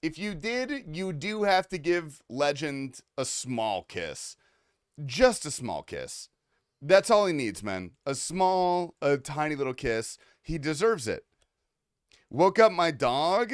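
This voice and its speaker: A man's voice: fairly high pitch, fairly bright tone, dry recording, clean studio sound. A man streaming a game, joking with chat in a loose, profane, laughing ramble. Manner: joking, rambling, swears often, laughs a lot. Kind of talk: casual livestream chat.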